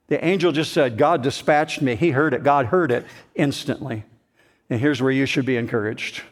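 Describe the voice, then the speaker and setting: Slow, emphatic male preacher. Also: mid-range voice. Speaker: pastor. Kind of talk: sermon.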